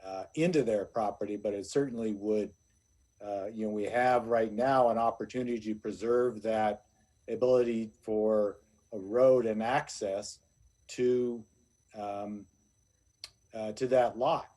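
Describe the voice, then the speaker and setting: A man's voice: lowish voice, steady tone, unhurried, warm tone. Rambling man at a planning meeting. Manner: rambling, many fillers. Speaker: planning commissioner. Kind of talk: meeting discussion.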